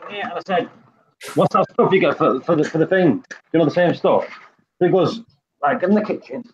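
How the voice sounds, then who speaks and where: A man with a slightly high, brisk voice hosts a reef-keeping live stream, keeping it casual, chatty and repetitive as he walks through each step of his demonstration. The audio has a faint hiss and is a bit muffled.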